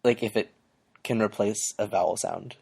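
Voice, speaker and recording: Gravelly, husky co-host with hesitant delivery. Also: medium pitch, normal speed, a little mellow. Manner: hesitant, many ums and uhs. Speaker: podcast co-host. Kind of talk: casual chat about a webcomic.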